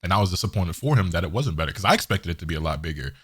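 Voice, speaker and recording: Fast-talking deep-voiced man, slangy. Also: lively intonation, breathy edge, no echo, studio quality. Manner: rapid, slangy and profane. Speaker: guest on a community stream. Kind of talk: casual panel discussion.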